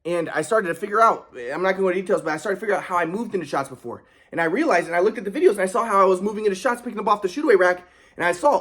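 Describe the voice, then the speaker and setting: Husky fast-talking aggrieved man. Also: high voice, lively intonation, a bit bright. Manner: rambling, aggrieved, many restarts and repetitions. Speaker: vlogger. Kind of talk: personal storytelling monologue.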